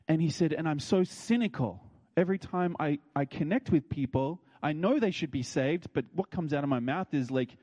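A man preaching a sermon, telling stories and acting out what people said, with his voice leaping high when excited. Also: normal speed, hardly any pauses, highs cut off. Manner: animated, leaps high when excited, acts out quotes. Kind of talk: sermon with storytelling.

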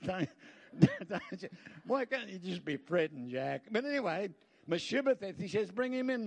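A middle-aged Australian man preaching a sermon in a fairly high voice. He tells stories with a lively, joking manner and plenty of asides to the congregation. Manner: lively storytelling with jokes and asides. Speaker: pastor.

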